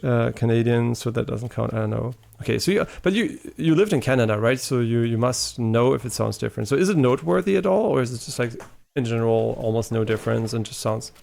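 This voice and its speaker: A man's voice: medium pitch, creaky, a little mellow. A man live-streaming a game, chatting casually with his viewers in a rambling, talkative way and swearing now and then. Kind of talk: casual live-stream chat while gaming.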